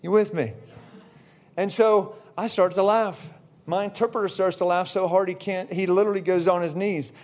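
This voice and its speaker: A man preaching, telling a story with lots of check-ins to his listeners and building to shouts. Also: high voice, steady tone, moderate pace. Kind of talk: storytelling sermon.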